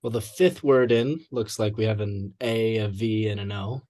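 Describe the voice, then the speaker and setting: A man's voice: on the low side, fairly even intonation, moderate pace, a little mellow. A man, a student, politely reading out letters he recognizes.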